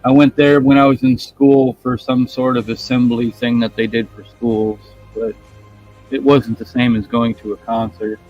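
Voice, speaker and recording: A man's voice: mid-range voice, little pitch movement, moderate pace, darkish tone. A man co-hosting a stream, chatting casually in a laid-back way with short, easy replies. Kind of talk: casual chat. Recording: dull lo-fi sound, faint music.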